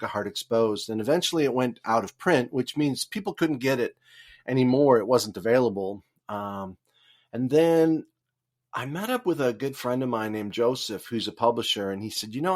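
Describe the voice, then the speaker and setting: A man, a guest author, talking casually in a podcast interview, wandering through his thoughts with frequent fillers and restarts. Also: mid-range voice. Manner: rambling with many fillers and restarts.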